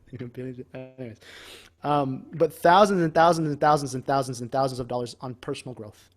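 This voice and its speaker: A man's voice: medium pitch, a little fast. Rambling casual male podcast host. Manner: rambling, emphatic, swears casually.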